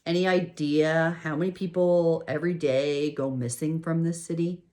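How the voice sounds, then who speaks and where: A narrator voicing a bored, dismissive middle-aged male police captain who talks slowly and offhandedly. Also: fairly high pitch, steady tone, a little mellow, pitched above the performer's own voice, close to an everyday voice. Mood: bored, curt. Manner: slow, drawling, offhand.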